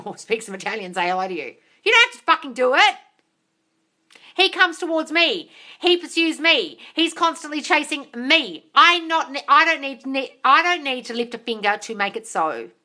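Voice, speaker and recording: Bright, gushing woman streaming live. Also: high-pitched, normal speed. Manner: excitable, gushing, swears casually, calls viewers darling. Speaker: manifestation coach and live-stream host. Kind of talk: live Q&A, reading viewer comments aloud.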